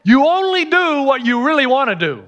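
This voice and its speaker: Man, pastor, higher voice, middle-aged, humorous preaching, sermon style. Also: very animated, moderate pace, a bit bright, lo-fi sound.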